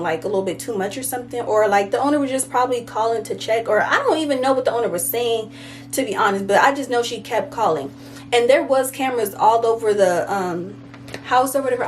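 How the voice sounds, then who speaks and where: Woman vlogger rambling through a storytime, kinda high voice, slangy, lots of likes and you knows, faint hum behind. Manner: rambling, with many fillers like "like" and "you know"; slangy and conversational. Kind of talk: casual storytime.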